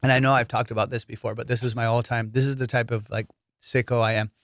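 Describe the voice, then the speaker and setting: A man's voice: mid-range voice, level tone, fast, a bit bright, no echo, studio quality. Loose, profane man telling stories. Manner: loose, profane, lots of dude and fillers. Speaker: comedian podcast host. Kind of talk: casual storytelling chat.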